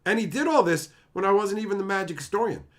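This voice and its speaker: Lively, profane man streaming. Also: sits high, fast talker. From Canada. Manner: profane, animated storytelling, laughs often. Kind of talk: casual live-stream chat.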